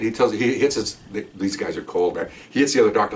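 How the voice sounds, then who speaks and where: A man's voice: fairly low pitch, animated, fast, distant mic. A middle-aged man, a retired police officer, rambling through a story in casual talk and voicing the people in it. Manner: rambling, acts out quotes in a raised voice.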